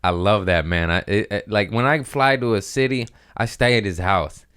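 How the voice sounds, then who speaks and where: A man's voice: fairly low pitch, moderate pace, a bit bright, clean tone. A young man hosting a casual solo podcast, rambling and profane, often laughing at his own jokes. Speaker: podcast host.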